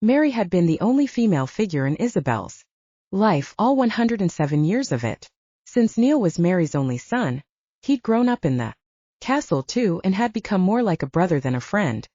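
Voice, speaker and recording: A woman reads a fantasy audiobook with expressive, scripted storytelling. Her voice is low and mellow, and her pitch moves freely. The recording is dry and dull, with little top end. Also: normal speed, no echo. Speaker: audiobook narrator. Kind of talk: scripted narration.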